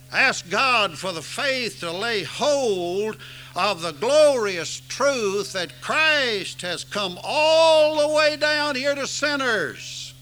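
A man's voice: very high voice, sharp tone, a little hiss or hum, low-quality recording. A man preaching a sermon to a congregation, with an emphatic, swooping cadence.

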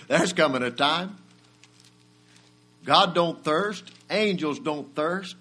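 A man preaching a sermon. He builds to loud shouted peaks and then drops low. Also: expressive, measured pace, long pauses, slightly rough. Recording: mains hum in the background.

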